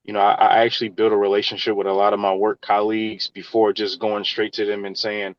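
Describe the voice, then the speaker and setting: A man's voice: lowish voice, completely flat delivery, quick pace, hardly any pauses, lo-fi sound. A man, an engineer in real estate, answering interview questions in an earnest, conversational way. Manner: earnest, advice-giving, conversational.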